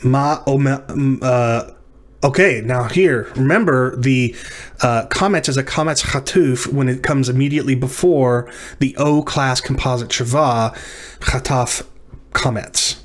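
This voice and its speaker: A man's voice: mid-range voice, measured pace. A man teaching a language lesson, working through practice words aloud, thinking as he goes and correcting himself. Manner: thinking aloud, self-correcting, sounding out syllables. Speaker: language instructor. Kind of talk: recorded lecture practice walkthrough.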